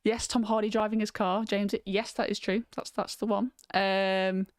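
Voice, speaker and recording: A woman hosts a relaxed film chat on a livestream, rambling with fillers and picking up viewer comments as she goes. Her voice sits at a middling pitch and sounds dry and close, with little room in it. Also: moderate pace, no room sound. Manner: chatty, reads out viewer comments, frequent ums. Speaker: host.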